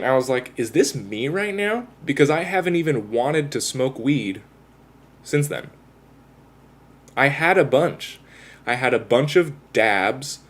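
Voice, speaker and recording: Man streaming live, casual chat with viewers, rambling, self-mocking, swears a lot, mid-pitched voice.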